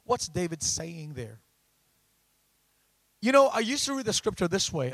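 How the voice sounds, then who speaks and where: A man preaching a sermon, often asking the congregation questions and rising to loud emphatic lines. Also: high-pitched, very animated, unhurried, long pauses, dry recording. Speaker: pastor.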